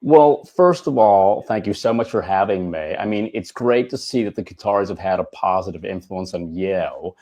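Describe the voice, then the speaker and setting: A man's voice: low voice, animated, moderate pace, few pauses, dark tone. A comedian voicing a smug male podcaster who spouts mock-sincere provocations. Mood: sarcastic.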